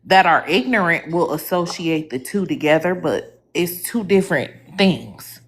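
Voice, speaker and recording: A woman's voice: lowish voice, expressive, unhurried, slight background noise. A woman in a live online debate, correcting another speaker with emphatic, exasperated pushback. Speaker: debate participant.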